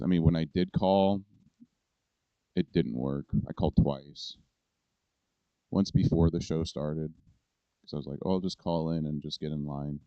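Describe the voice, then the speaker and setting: Low-voiced indignant man ranting. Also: clear, resonant tone, no echo, dull audio. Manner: rambling, indignant, swears. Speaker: political commentary host. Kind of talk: casual ranting commentary.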